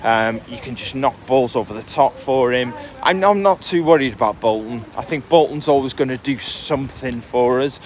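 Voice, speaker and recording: A man's voice: medium pitch, moderate pace, few pauses, a little hiss or hum. A man co-hosting a podcast, chatting casually about football with lots of ums, recorded outdoors on the move. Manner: chatty, hesitant with frequent ums. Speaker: podcast co-host.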